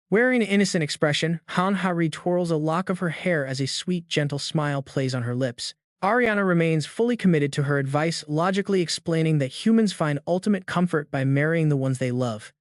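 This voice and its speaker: A man tells a comic-book story in a scripted, dramatic narration, his voice sitting a bit high for a man. The recording is close and dry with no room sound. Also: brisk, hardly any pauses, dry recording. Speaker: recap narrator.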